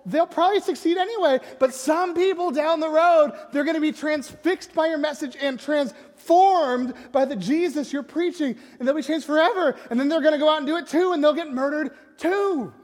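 A man's voice: very high voice, moderate pace, hardly any pauses, darkish tone. A man, a youth pastor, telling a story in a casual sermon and often tagging lines with "right?". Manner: conversational, keeps asking "right?". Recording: long echoing hall reverb.

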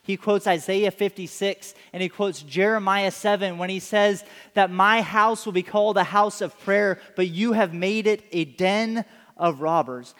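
A man preaching a sermon, telling stories in an animated way and acting out the scenes. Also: high voice, long reverb tail. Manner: animated storytelling, acts out scenes. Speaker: pastor.

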